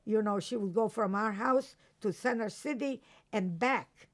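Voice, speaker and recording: An older woman from Croatia giving an oral history testimony, recalling events slowly with halting restarts. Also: medium pitch. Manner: slow, halting recollection with restarts. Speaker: interviewee.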